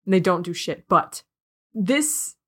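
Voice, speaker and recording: A woman co-hosting a podcast in casual chat, excitable, swearing freely and laughing often. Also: lowish voice, slow, breathy edge. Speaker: podcast co-host.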